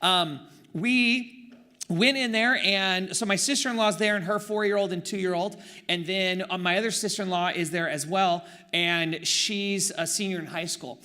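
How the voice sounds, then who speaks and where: A young man from Oakland telling a funny personal story in a sermon, animated and self-mocking with sarcastic asides. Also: high-pitched, normal speed. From East Bay of San Francisco, Oakland. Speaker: pastor.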